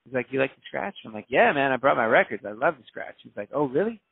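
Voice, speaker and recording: A man's voice: mid-range voice, fast, vocal fry, breathy edge, no echo. A man, a DJ, telling a story casually and acting out the voices of the people in it. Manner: animated, acts out quoted voices. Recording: dry, phone-like narrow sound.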